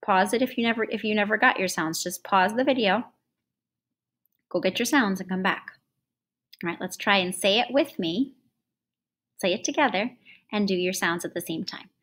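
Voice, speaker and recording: A woman music teacher giving an online lesson to children, patient and encouraging, slowing down sharply whenever she chants the lines. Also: mid-range voice, fairly bright tone.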